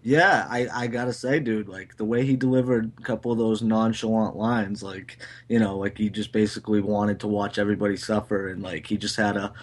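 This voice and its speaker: A man's voice: fairly low pitch, fairly even intonation, a little fast, few pauses. A man co-hosting a movie podcast, laid-back and profane, calling his co-host "dude". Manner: laid-back, swears, says "dude" a lot. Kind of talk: casual movie review chat.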